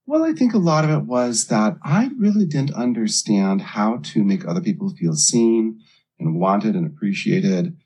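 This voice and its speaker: Low, husky man telling his story. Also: sing-song, normal speed, darkish tone. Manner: earnest, reflective storyteller. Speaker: guest life coach. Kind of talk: storytelling interview answers.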